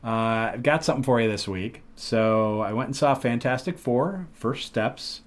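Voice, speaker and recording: A man co-hosting a casual podcast chat, animated and profane, slipping into goofy mock voices. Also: mid-range voice, normal speed. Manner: animated, swears freely, goofy mock accents. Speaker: podcast co-host.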